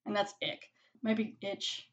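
Woman reviewer, casual and chatty, mid-pitched, recaps a film and slips into quick voices for the characters. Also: flat delivery. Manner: chatty, full of "like", acts out characters' lines in quick quotes. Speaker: movie reviewer. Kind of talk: casual spoken movie review.

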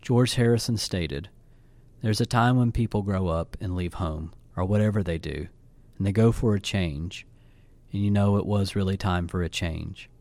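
A man hosting a podcast, reading scripted narration in a measured, even way. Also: deep voice. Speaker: podcast host. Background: faint guitar music.

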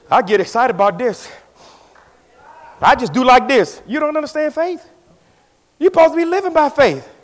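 A man pastor preaching a sermon in a church, moving from quiet storytelling to shouted call-and-response. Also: sits high.

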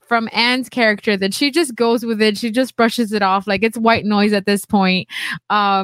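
A woman's voice: mid-range voice, a bit bright, smooth, no echo. A woman co-hosting a casual TV recap podcast, rambling and laughing often as she talks. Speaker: podcast co-host. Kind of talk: casual chat.

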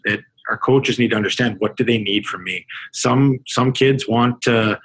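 A man's voice: mid-range voice, moderate pace, fairly bright tone, husky, rough recording. A man from Canada, a hockey coach, talking through his coaching experiences in a casual interview, reflective and full of restarts. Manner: conversational, reflective, with frequent restarts.

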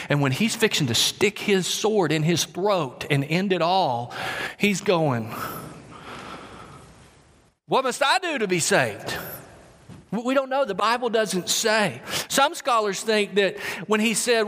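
A man delivers a sermon in a high, ringing voice. He leans on key phrases, stretching them out, and sometimes drops to a whisper. A long reverb trails behind him, as in a large sanctuary. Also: expressive, a bit bright. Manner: emphatic, slows for stress, dips to whispers. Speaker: pastor.

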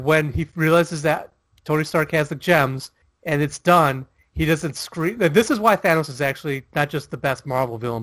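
A man's voice: on the high side, fairly bright tone, no room sound. A man co-hosting a casual chat, rambling with lots of fillers and laughing often. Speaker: podcast co-host.

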